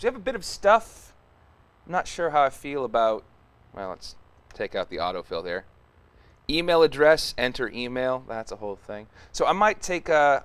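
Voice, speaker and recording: A man's voice: mid-range voice, fairly bright tone, clear, resonant tone, dry recording. A man thinking aloud as he codes on a live stream, muttering, humming and chatting casually. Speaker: live stream host coding. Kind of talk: casual live coding commentary.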